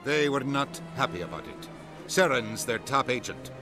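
A man's voice: medium pitch, animated, normal speed, lightly acted. A man playing a stern, demanding ambassador. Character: indignant, stern male human ambassador. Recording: game audio over music.

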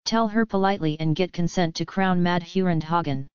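A woman's voice: fairly low pitch, brisk, clear, resonant tone, no room sound, natural voice. A woman voicing an ailing old emperor and worried father in an audiobook, speaking in a grave, solemn way. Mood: weary. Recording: slightly dull lo-fi audio.

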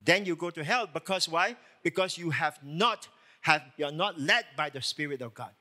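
A man's voice: a little high, expressive, moderate pace, sharp tone. A man preaching a sermon as lead pastor, emphatic and full of rhetorical questions.

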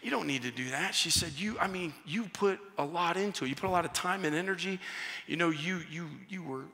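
A male pastor preaching a sermon, telling stories with animated back-and-forth dialogue. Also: high voice, brisk. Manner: animated storytelling, acting out dialogue. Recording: church hall reverb.

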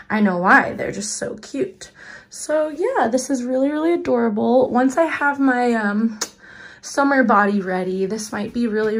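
Young woman fashion vlogger, bright upbeat gush, slightly high and breathy, talks straight to her phone. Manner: bubbly and gushing, addresses viewers as you guys. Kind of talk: casual try-on haul chat to camera.

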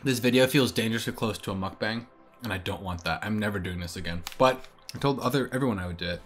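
A man's voice: lowish voice, fast talker, faint music behind. A young man and student rambling casually to camera in a vlog, self-deprecating and chatty. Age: young adult. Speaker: vlogger.

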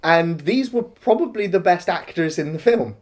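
A man co-hosting a casual film review, calmly recapping scenes and defending the parts he liked. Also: high-pitched. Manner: measured, recapping the plot and defending points.

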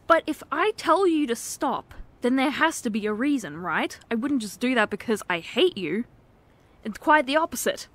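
A woman in a whispered role-play as a girlfriend, talking softly and earnestly, swinging between hushed pleading and sharp, swearing exasperation. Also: high voice, sing-song, moderate pace. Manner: swears when frustrated. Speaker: ASMR role-play performer.

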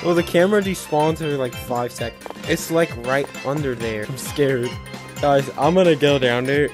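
A man's voice: mid-range voice, normal speed, music in the background. A man giving gameplay commentary as a gaming YouTuber, jumpy and prone to yelps and screams when startled.

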